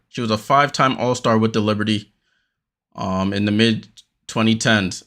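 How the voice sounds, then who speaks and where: A man hosting a watchalong stream, giving casual play-by-play commentary, a little out of breath and getting more energetic on big plays. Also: on the low side, moderate pace. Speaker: watchalong host.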